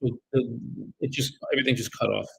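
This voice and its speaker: His voice is mid-range, steady, gravelly, and a bit bright, and he talks fast over a faint hiss or hum. He's a real estate broker cold calling on a livestream, casual with his audience, formal and polite with prospects, and given to swearing when annoyed.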